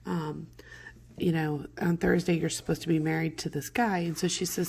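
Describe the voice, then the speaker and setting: A woman teacher reading a play aloud and explaining it to students in casual, modern paraphrase, with throat clearing from morning allergies. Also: deep voice, fairly even intonation, moderate pace, a little mellow. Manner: conversational, paraphrases lines in plain modern words.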